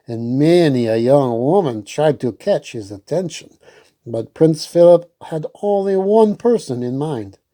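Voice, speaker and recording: A woman reading a storybook aloud in an unhurried, expressive way. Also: deep voice.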